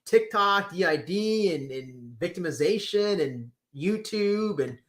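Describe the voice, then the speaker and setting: A man hosting a casual livestream, reading chat comments with lively exclamations and repeated words. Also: high voice, slow. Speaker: livestream host.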